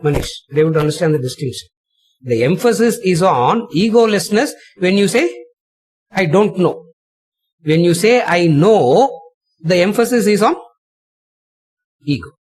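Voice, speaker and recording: A man teaching a retreat lecture on scripture, slow and emphatic, repeating phrases and asking rhetorical questions. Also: sits high, lively intonation. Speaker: spiritual teacher.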